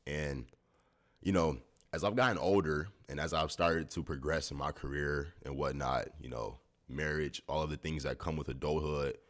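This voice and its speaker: A young man vlogging to camera early in the morning, a bit tired, speaking in a thoughtful, unhurried way with many fillers. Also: rumbling low, fairly even intonation. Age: young adult. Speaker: YouTuber. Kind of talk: reflective talking-to-camera vlog.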